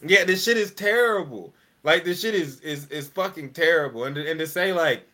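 A man's voice: sits high, expressive, fairly quick, hardly any pauses, pushed and bright. Heated, profane man ranting on a podcast. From American South. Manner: profane, emphatic, repeats himself. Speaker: podcast co-host. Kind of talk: heated casual podcast rant.

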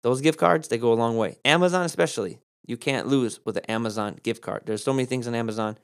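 A man teaching the Bible on his podcast in a casual, conversational way, jumping up in pitch to stress points. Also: fast, smooth. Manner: conversational, animated pitch jumps for emphasis.

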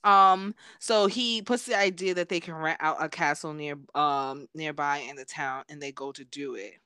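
A woman's voice: low-pitched, clean tone, no echo. A young woman co-hosting a casual podcast, talking animatedly and acting out characters' lines. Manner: animated, acts out characters' lines in quick voices. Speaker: podcast co-host. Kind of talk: casual chat.

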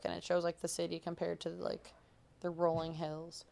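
A woman's voice: lowish voice, steady tone, moderate pace, gravelly, smooth. A young woman from upstate New York with its accent, co-hosting a podcast in giggly, chatty casual talk. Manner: giggly, chatty, drifts off mid-sentence. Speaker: podcast co-host. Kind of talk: casual chat.

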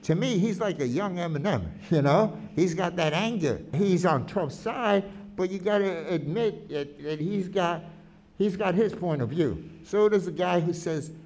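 A man interviewed about his documentary footage talks animatedly, restarting his sentences often and quoting the people he filmed. His voice sits high and moves a little slowly.

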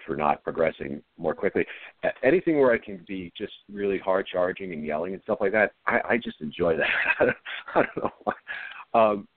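A middle-aged man, an actor being interviewed, talking in a low-key, halting way with frequent restarts. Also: creaky, no echo. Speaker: actor guest. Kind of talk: casual interview talk. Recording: dry, phone-like line.

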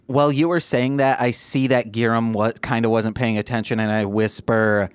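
A man at a tabletop game rambles and jokes, restarting his sentences. His voice is mid-pitched. The sound is dry and close. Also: fairly even intonation, moderate pace, clean tone, no echo. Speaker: player. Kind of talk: casual tabletop play.

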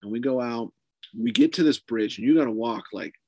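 A man talks loosely and profanely, piling on fillers as he tells a spooky tale. His voice sits in an ordinary middle pitch. The sound is dry and close. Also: a little fast, gravelly, breathy edge, dry recording. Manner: profane, animated, lots of fillers. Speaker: podcast guest. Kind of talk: casual storytelling.

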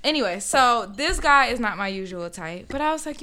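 A woman's voice: fairly high pitch, lively intonation, a little fast, sharp tone. A young woman telling a dating story in casual chat, talkative and full of fillers. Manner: chatty, storytelling, frequent "like" fillers.

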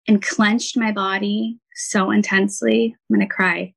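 An earnest woman telling her own story in conversation, her voice carrying a light vocal fry at the ends of phrases. She sits in the middle of the usual female range and speaks in a heartfelt, unpolished way, full of "um" and "like". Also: mid-range voice, flat delivery, measured pace, poor audio. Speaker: podcast guest, intuitive healer and nurse.

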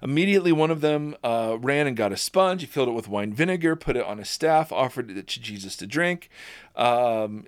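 Informal male Bible teacher, mid-pitched, reads scripture then chats through it. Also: lively intonation, moderate pace. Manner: informal, many fillers and restarts, laughs at own slips. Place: at home, birds audible.

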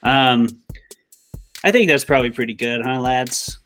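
A man's voice: mid-range voice, a little slow, fairly bright tone. A man co-hosts a casual podcast in a mid-range voice. He jokes and rambles with lots of fillers and half-finished phrases. A faint bed of music sits under the talk. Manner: joking, rambling with many fillers. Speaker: podcast co-host.

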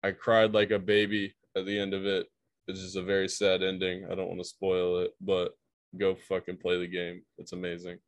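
A young man talks about his week on a podcast. His voice sits very low, and his delivery is relaxed with casual swearing. The recording is dry and close. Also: normal speed, dry recording. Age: young adult. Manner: laid-back, swears casually. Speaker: podcast co-host. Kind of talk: casual chat.

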